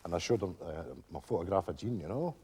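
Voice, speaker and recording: An old Scottish widower, a meandering storyteller who piles up fillers and asides. His voice sits low, dark and husky, but his pitch swings animatedly. It rings out on a theatre stage with a long reverb. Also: animated, fast talker. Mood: rambling fond. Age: older. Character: elderly widowed male pensioner, rambling storyteller. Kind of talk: live stage sitcom acting.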